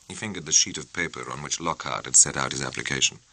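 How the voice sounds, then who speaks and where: A man, narrating a novel in a measured, clearly spoken audiobook reading. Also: a bass voice, pushed and bright, no echo, low-quality recording. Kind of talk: scripted narration.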